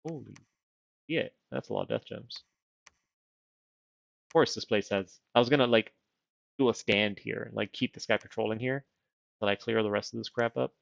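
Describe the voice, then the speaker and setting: Gravelly casual male game streamer. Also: on the low side, normal speed, long pauses, no room sound, highs cut off. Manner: rambling, self-deprecating, thinks aloud. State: wearing dental retainers. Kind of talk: casual game livestream chat.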